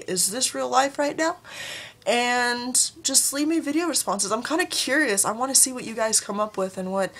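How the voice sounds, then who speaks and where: A young woman vlogger ranting casually to camera about her pet peeves, chatty, with sudden jumps up in pitch. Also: breathy edge.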